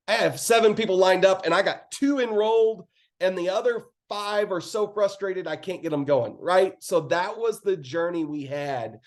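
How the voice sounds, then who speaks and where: A man with a slightly high voice tells a candid, earnest story of his early business struggles. He talks casually, with fillers and quick acted-out quotes, as if speaking to his team over a call. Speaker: network marketing speaker.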